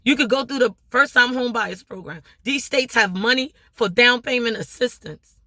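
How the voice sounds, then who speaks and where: Recorded dry with clean studio sound, a Maryland woman with a local accent gives an impassioned motivational speech to viewers. She's a small business owner and vlogger whose voice is fairly high and sharp, at normal speed. Her delivery is preachy and emphatic, full of rhetorical questions ending with "right?"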